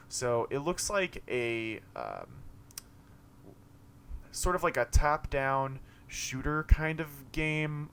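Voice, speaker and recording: Young guy rambling through a game show recap, lots of ums, faint hiss behind. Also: mid-range voice. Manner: rambling, loose, lots of fillers and self-corrections. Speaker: video host recapping a game showcase. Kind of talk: casual commentary monologue.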